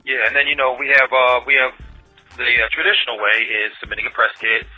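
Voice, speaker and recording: A man from Ohio who organizes an awards show, answering interview questions in a relaxed, rambling way with many fillers and a husky voice. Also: mid-range voice, a little fast, muffled recording, soft background music.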